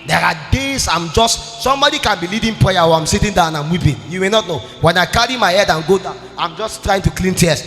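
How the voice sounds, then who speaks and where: A man preaching a sermon, swinging between shouting and a sing-song lilt. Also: high-pitched, expressive, fast talker, hardly any pauses. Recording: long hall reverb with faint music.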